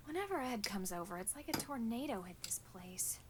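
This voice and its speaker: A woman voicing a cheerful teenage girl mechanic in an English anime dub, bubbly and sing-song, heard from far off over loud background music. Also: fairly high pitch, expressive, brisk, heavy background noise, lightly acted. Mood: sleepy. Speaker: anime character.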